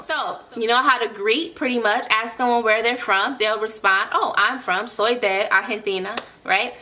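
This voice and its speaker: A young woman tutoring Spanish in a casual online lesson, encouraging and slowly repeating phrases for learners. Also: mid-range voice, pushed and bright.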